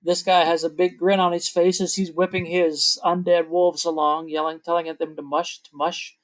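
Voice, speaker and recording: Brief: a man running a tabletop game, his voice a bit high, loose and easygoing as he narrates. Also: moderate pace. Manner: relaxed, laughing narration with fillers. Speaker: game master.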